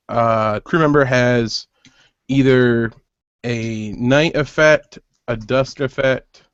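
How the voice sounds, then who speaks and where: Male game designer, middle pitch, patient and methodical, dull lo-fi call audio. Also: clean tone, no echo. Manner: patient, methodical, with frequent "uh" pauses. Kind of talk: explaining game rules on a video call. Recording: muffled web call audio.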